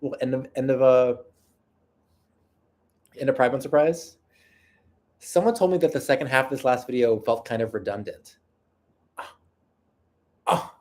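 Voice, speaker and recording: A man's voice: medium pitch, animated, fairly quick, long pauses, darkish tone. Nasal man chatting on a livestream. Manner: self-deprecating, rambling, with frequent restarts and laughter. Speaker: video creator and livestream host. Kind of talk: casual livestream chat answering viewer questions.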